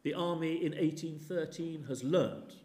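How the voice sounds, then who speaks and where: A man's voice: on the high side, measured pace, a little mellow. A man giving a public history lecture, with wry, ironic asides. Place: large lecture theatre. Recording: roomy lecture theatre sound.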